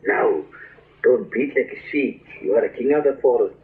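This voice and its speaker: A man teaching as a spiritual leader, telling stories in an animated way, acting out voices and laughing often, on a tinny lo-fi archive recording. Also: medium pitch, moderate pace. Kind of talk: spiritual talk with storytelling.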